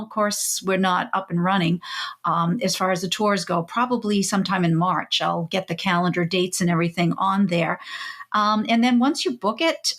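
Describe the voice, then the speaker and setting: Female podcast co-host, mid-pitched, friendly and practical. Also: fairly bright tone. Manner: friendly, practical, explaining steps plainly. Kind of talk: casual podcast chat.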